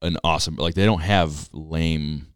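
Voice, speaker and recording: A man's voice: rumbling low, fairly even intonation, measured pace, clean tone, dry recording, clean studio sound. A man co-hosting a podcast in easygoing casual chat, laughing as he talks. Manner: easygoing, laughs while talking. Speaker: podcast co-host.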